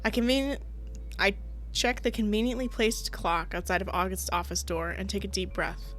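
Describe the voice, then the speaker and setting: A woman's voice: mid-range voice, steady tone, moderate pace, a bit bright, a little hiss or hum. A woman streaming a visual novel, reading it aloud with playful, giggly commentary. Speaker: gaming streamer.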